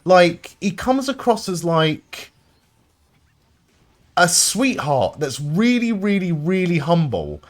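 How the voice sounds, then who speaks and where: Young male streamer, live gameplay commentary; swears freely, sarcastic, bouncy and animated in pitch. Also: slow pace. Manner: excitable, swears often, sarcastic asides.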